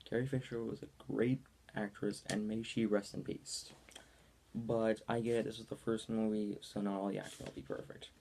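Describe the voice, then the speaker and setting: Gravelly young man reviewing a movie. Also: on the low side, level tone, moderate pace, darkish tone, a little hiss or hum. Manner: rambling, with many ums and likes. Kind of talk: casual video review.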